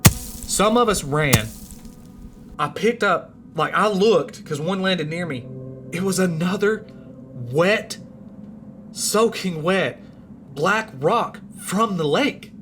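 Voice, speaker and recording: A man's voice: high voice, slow pace, long pauses, soft background music. A man telling a true scary story in a casual, rambling way, his voice rising and dropping for suspense. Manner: animated, rambling, voice rises and drops with suspense.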